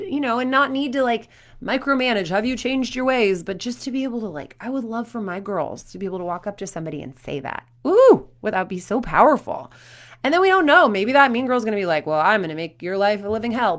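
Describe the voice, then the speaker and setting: A woman in her thirties, a performance coach, talking to parents and telling stories with acted quotes. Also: mid-range voice. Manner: animated storytelling with acted quotes.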